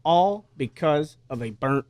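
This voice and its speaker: A man's voice: a little high, lively intonation, a little slow, a little mellow, no room sound. A man hosting a casual radio talk show, telling stories with lots of energy and frequent restarts. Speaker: host.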